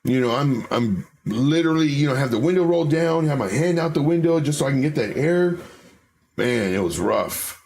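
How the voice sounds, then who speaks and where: A man's voice: medium pitch, animated, normal speed, darkish tone, slight background noise. A man hosting a casual livestream, chatting with viewers and talking through charts, often repeating his words. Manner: chatty, reads viewer comments aloud, repeats himself. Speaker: livestream host reading chat. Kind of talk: casual live-stream chat and chart analysis.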